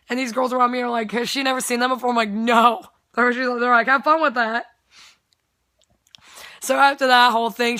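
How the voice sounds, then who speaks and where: This young woman vlogs in a chatty, storytelling way, peppering her speech with "like" and cursing freely. Her voice sits on the higher side, bright and forceful, captured as a dry, clean studio recording.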